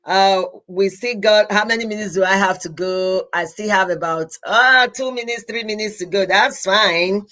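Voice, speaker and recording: A healthcare professional hosting a casual live stream, this young adult woman from Nigeria's Edo State has a Nigerian accent and a mid-range, slightly bright voice at normal speed with few pauses. She pleads earnestly, repeating words and sliding into Pidgin.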